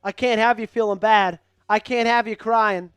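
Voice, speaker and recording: A man calling a game live for an online fan stream, hyped and pleading with his viewers, rising to shouts at big plays. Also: sits high, fairly even intonation, normal speed, clear, resonant tone, no room sound, faint music behind. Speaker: fan livestream play-by-play host. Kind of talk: excitable live play-by-play commentary.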